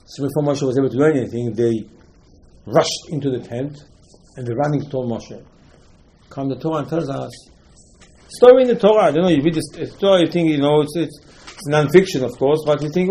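A man's voice: medium pitch, fairly quick, warm tone, slight background noise, poor audio. A man, an English speaker, teaching a Torah lesson as a story, with rhetorical questions and voices for the figures he quotes.

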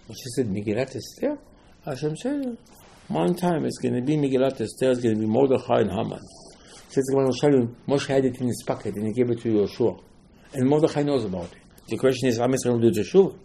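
Gravelly emphatic male rabbi. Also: mid-range voice, a little mellow. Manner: emphatic, rhetorical questions, acts out dialogue. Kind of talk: Torah lecture.

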